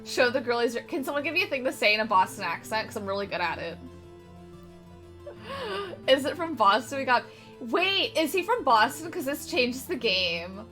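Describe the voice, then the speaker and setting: A playful woman streamer chatting with her viewers in a giggly, casual way. Her voice is bright and a little high, with a very animated pitch. Faint game music plays underneath. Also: normal speed. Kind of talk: casual gaming stream chat.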